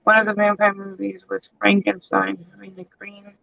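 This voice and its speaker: A woman's voice: medium pitch, monotone, normal speed, gravelly, no echo, narrow, tinny audio. A woman co-hosting a casual live stream, chatting and telling stories. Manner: chatty storyteller.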